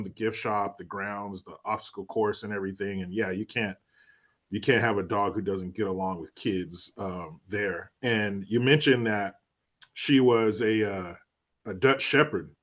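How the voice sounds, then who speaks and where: A man hosting a podcast, chatting casually with his guest in a relaxed way with some fillers. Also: on the low side, unhurried. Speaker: podcast host. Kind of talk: casual interview chat.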